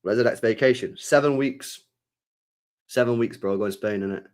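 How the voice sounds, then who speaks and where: A young man talks loosely into a headset on a live stream. He is slangy and unhurried, repeats himself, swears freely and answers chat questions as they come in. His voice sits at an ordinary middle pitch. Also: darkish tone.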